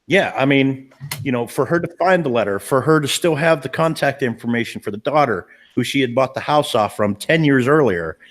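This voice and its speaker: A man's voice: medium pitch, brisk. Earnest man telling a paranormal story. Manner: earnest and emphatic, repeating himself and restarting sentences. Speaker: paranormal investigator. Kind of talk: casual storytelling on a live stream.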